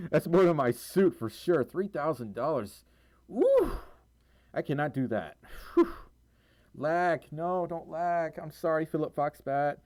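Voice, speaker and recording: A man's voice: fairly high pitch, expressive, a little slow, a little mellow. Rambling livestreamer man. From Mississippi. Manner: rambling, self-deprecating, frequent ums and laughs. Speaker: livestream host. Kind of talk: casual livestream chat reading viewer questions.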